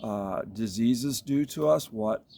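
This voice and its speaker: Gravelly-voiced man giving a reflective devotional. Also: medium pitch, slow, dark tone. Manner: reflective, thinking aloud with fillers and restarts. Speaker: pastor.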